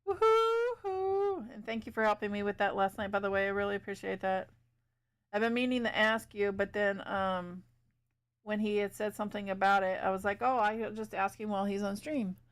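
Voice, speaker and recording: Chatty woman streamer, smooth voice. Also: medium pitch, steady tone, fairly quick. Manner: chatty, talks to chat while working. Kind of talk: casual livestream chat while painting.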